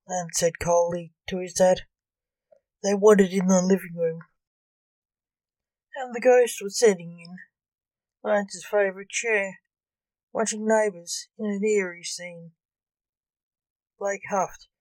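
Slow, measured woman storyteller. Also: medium pitch, steady tone, darkish tone, dry recording, rough recording. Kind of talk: storybook reading.

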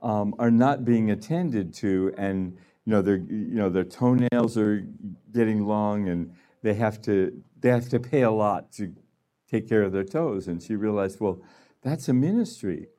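A man's voice: on the low side, a little slow, mellow. A man giving a conversational sermon to a gathering, laughing often and acting out little voices. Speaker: healing room director speaking.

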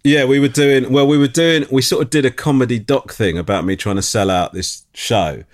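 A man from England, a comedian guest, chatting casually on a podcast and telling stories with quick restarts. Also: medium pitch. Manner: animated storytelling with quick restarts.

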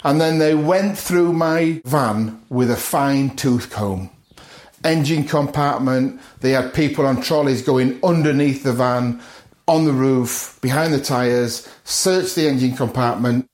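A man's voice: medium pitch, a little slow, a little mellow. Roomy-sounding man telling a story. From north of England. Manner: vivid retelling, acts out other people's lines and chuckles often. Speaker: guest. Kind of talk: storytelling in a podcast interview. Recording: roomy echo.

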